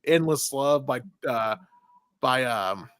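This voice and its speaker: A man's voice: mid-range voice, lively intonation, slow, fairly bright tone, clean tone, no echo, clean studio sound. A man co-hosting a casual movie review podcast, retelling the plot in a rambling way full of fillers. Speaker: podcast co-host.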